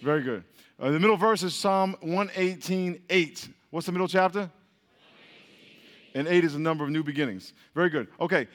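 A man's voice: a little high, normal speed, fairly bright tone. A man preaching to a congregation in call-and-response style, repeating his questions, drilling the crowd and laughing often. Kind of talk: call-and-response Bible teaching. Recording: long hall reverb.

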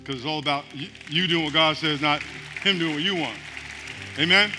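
A man preaching as a pastor, moving between hushed urging and loud rousing calls to the congregation. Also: fairly high pitch, fairly quick. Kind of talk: sermon with altar call. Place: large church hall. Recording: music behind, long hall reverb.

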